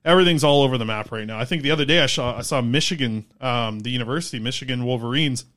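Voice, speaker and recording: A man's voice: mid-range voice, rapid-fire, a bit bright. A man co-hosting a sports podcast, talking casually and rambling through stats with lots of fillers. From Canada. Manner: rambling, filler-heavy delivery. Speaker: podcast co-host.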